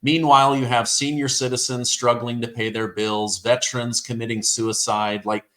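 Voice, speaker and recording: Male talk host, bright tense tone, indignant and emphatic. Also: mid-range voice, little pitch movement, normal speed. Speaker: show host. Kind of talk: casual political chat.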